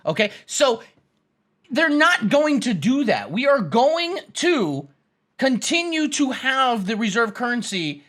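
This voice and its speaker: Male host, blunt casual ranter, high sharp voice. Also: sing-song, slow. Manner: blunt, swearing, repeats himself. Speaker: stock trading streamer. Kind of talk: casual rant.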